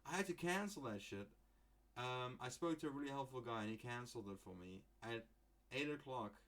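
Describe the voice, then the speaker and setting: A man's voice: medium pitch, lively intonation, brisk, fairly bright tone. A young man from England rambling through a casual solo podcast, joking and swearing freely as he goes. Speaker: podcast host.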